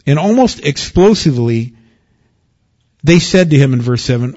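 A man preaching a sermon with lively swings from loud excitement to quiet warning. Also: on the high side, a little fast, muffled recording. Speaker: pastor.

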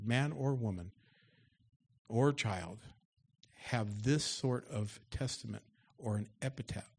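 A man's voice: medium pitch, a little mellow. A man preaching a sermon in church, reading Bible verses aloud with rising force and then explaining them in an easy, conversational way. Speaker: pastor. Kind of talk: expository sermon.

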